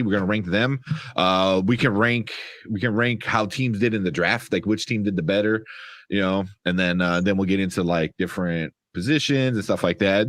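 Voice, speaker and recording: A man's voice: fairly low pitch, no echo, clean studio sound. A man with a Chicago accent hosting a casual sports chat, rambling along with lots of fillers and the odd curse. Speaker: podcast host.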